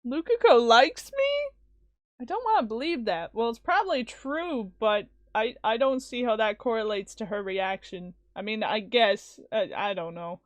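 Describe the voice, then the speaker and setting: A woman streaming a visual novel, reading it aloud with expressive, casual commentary. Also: a little high, moderate pace, few pauses, no room sound. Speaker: let's-play streamer.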